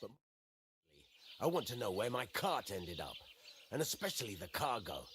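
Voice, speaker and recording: A gruff, annoyed medieval merchant handing out a task in a game. His pitch moves a lot as he grumbles, at a middle height for a man. Birdsong and faint outdoor noise sit behind him. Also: big pitch swings, normal speed, a bit bright. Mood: irritated.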